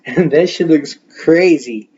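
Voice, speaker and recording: Dude rambling about his dad and boats, cussing a lot, mellow voice, kinda muffled lo-fi audio. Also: a little high, measured pace, slightly rough. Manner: profane, laughing, rambling storyteller. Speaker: podcast host. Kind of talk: casual storytelling. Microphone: webcam mic.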